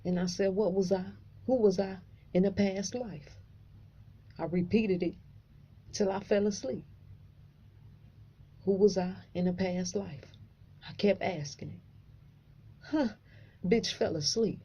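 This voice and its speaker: A woman vlogger tells her story in a loose, profane and animated way. Her voice is mellow and dark. The recording is a little dull and lo-fi. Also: mid-range voice, takes it slowly, pauses often, slightly rough. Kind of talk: casual storytelling to camera.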